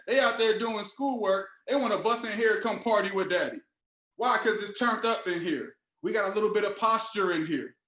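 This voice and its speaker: A man and team leader giving an energetic, repetitive motivational talk on a team call. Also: sits high, echoey room. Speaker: team leader and trading mentor.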